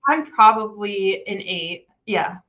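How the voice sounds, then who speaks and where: A woman's voice: medium pitch, slow pace, slight background noise. A woman guest on a live-stream interview, hesitating with fillers and laughing often as she answers. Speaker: guest, business founder. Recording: dull lo-fi stream audio.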